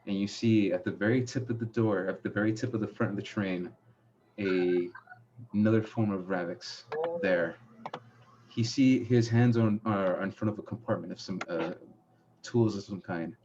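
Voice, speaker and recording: A young man narrating as game master, describing scenes in a halting way with frequent fillers. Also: lowish voice, fairly even intonation, noisy background. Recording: muffled lo-fi audio.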